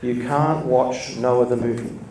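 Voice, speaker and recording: A man's voice: medium pitch, fairly even intonation, unhurried, a little mellow, slight background noise. A man giving an informal sermon, chatty and storytelling, laughing between points. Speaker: church speaker. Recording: echoey room, mic from a distance, faint ambience.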